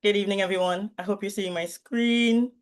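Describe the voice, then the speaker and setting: A woman's voice: medium pitch, steady tone. Woman giving a lecture. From Trinidad and Tobago. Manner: clear, explanatory, measured. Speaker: university lecturer presenting research. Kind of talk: academic presentation. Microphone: video call.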